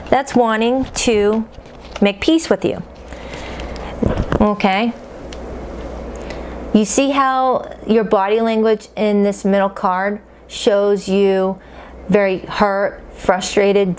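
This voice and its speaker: A woman's voice: mid-range voice, a little hiss or hum. A woman giving a casual, emphatic tarot reading, talking straight to her viewers and often checking in with "okay?". Her speech stays loose and conversational. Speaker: tarot reader.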